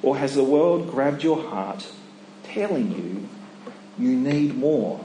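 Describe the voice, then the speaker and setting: A man preaching a sermon, emphatic and full of rhetorical questions, dropping his voice low when he voices inner thoughts. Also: animated, takes it slowly, mellow, slight background noise. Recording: echoey hall, faint ambience.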